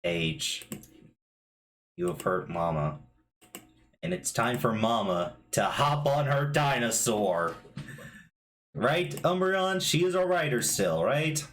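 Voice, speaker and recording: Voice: mid-range voice, sing-song, takes it slowly, long pauses, a bit bright, soft background music. A game master narrating a tabletop game in a casual way, swearing freely and checking rules aloud.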